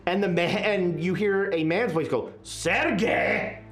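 A woman running a tabletop horror game as game master, narrating scenes in a descriptive, unhurried way and laughing often. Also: lowish voice, music in the background.

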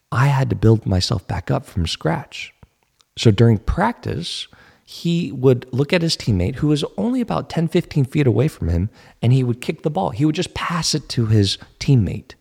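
A man coaching golfers in an online teaching talk, asking his listeners questions and slowly repeating key phrases. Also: medium pitch, gravelly, a little mellow, breathy edge.

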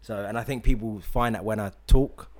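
Male podcast host, London accent, low-pitched, easygoing and rambling. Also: normal speed. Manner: relaxed, rambling with many fillers. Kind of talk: casual podcast chat.

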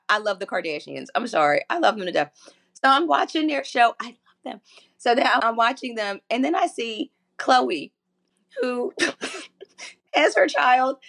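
Animated woman in her forties. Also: high voice, vocal fry. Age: 40s. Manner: candid and animated storyteller, laughing often. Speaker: interview guest. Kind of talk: casual chat.

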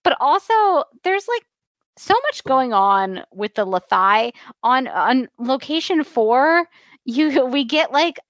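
A woman co-hosting a casual chat, talking in an animated way and laughing between remarks. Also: high voice, dry recording. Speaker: podcast co-host.

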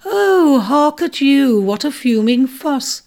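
A storyteller voicing a pair of quick, mischievous forest imps in a high, singsong, taunting voice. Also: animated, creaky, darkish tone, heavily acted. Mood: teasing.

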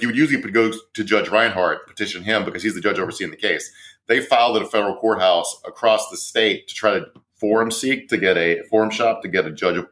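A man with a fairly low voice chats through the news in a loose, sardonic way, often chuckling at his own jokes. He sounds like a podcast co-host riffing with a friend. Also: fairly bright tone. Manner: wry, sardonic, laughs at his own points. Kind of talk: casual political commentary.

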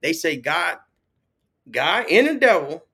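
Animated man telling a story. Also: a little high, slow, vocal fry, breathy edge. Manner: animated storyteller, acts out voices and exclamations. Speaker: podcast host. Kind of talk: casual conversation.

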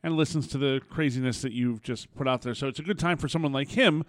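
A man's voice: medium pitch, fast, dry recording. A man co-hosting a casual podcast, playful and teasing, who likes doing voices. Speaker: podcast co-host. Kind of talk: casual chat.

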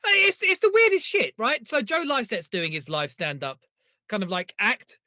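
A man co-hosting a podcast, talking in an animated, self-mocking way with a very swinging, expressive pitch. His voice is bright and forward, recorded dry with no room around it. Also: moderate pace, no echo. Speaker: podcast co-host. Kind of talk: casual podcast chat.

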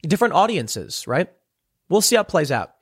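A man's voice: fairly high pitch, sing-song, moderate pace, slightly rough, no room sound, clean studio sound. A man hosting his own commentary show, talking through analogies and acting out quoted voices. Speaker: political commentary host. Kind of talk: solo commentary monologue.

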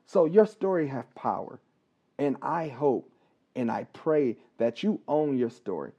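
Mellow-voiced man telling a story haltingly. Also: mid-range voice, lively intonation, slightly rough. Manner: halting, with pauses, restarts and repeated words. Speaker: licensed professional counselor. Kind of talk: personal storytelling on a podcast. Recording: dull, slightly lo-fi recording.

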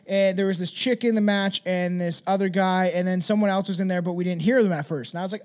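A man's voice: high voice, fairly even intonation, quick pace, hardly any pauses. A man hosting a podcast, telling a rambling, profane story in casual chat and laughing as he talks. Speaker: podcast host.

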